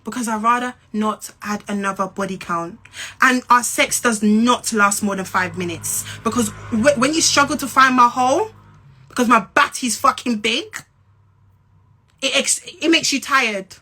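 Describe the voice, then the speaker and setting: A young woman with a London and Essex accent delivers an angry rant straight to camera. Her voice sits high and sounds bright and sharp. She talks bluntly and profanely, confronting her listener and hammering her points home by repeating them. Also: normal speed. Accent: London and Essex English. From England. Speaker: social media personality.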